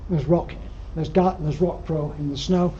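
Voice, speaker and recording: An older man with a Yorkshire accent spins dry, humorous anecdotes from his slides, pausing often on ums. His voice sits fairly high for a man but sounds mellow and dark. The recording is dull and lo-fi, with faint noise underneath. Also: fairly even intonation. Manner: rambling, dryly humorous, frequent ums. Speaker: guest speaker at alpine club. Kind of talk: anecdotal slide-show talk. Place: lecture room.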